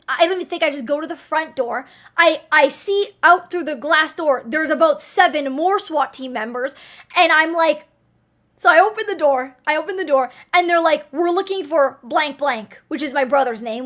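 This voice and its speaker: A young woman streamer telling a story to her chat in a casual, animated way, swearing freely. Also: high voice.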